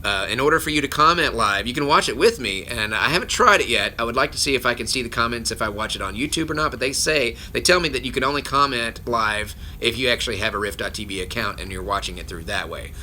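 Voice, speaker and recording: A man's voice: mid-range voice, lively intonation, fast, few pauses, sharp tone, a little hiss or hum. A man, a voice actor, hosting a casual livestream from his phone at home and answering viewer questions in a rambling way, often cutting himself off and chuckling between answers. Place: at home with his children nearby.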